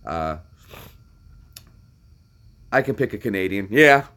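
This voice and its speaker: Male vlogger, lowish voice, easygoing rambling talk to camera. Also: expressive, slow pace, a bit bright. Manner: rambling, chatty, trails off. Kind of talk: casual chat to camera.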